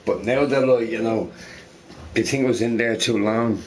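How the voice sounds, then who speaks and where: A man's voice: medium pitch, fairly even intonation, normal speed, slight background noise. A man chatting casually while playing a game, rambling and laughing, with lots of "you know" and "right". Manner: rambling, laughing, fond of filler words. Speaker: gamer.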